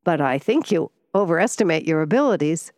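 A woman's voice: low voice, lively intonation, fairly quick, a little mellow, dry recording, studio quality. A woman voicing a testy ailing millionaire. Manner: vexed, impatient.

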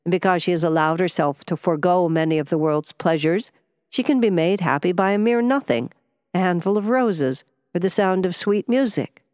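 A woman's voice: fairly low pitch, normal speed, darkish tone, no room sound, studio quality, lightly acted. A woman voicing a testy, ailing older male millionaire who speaks with vexed impatience.

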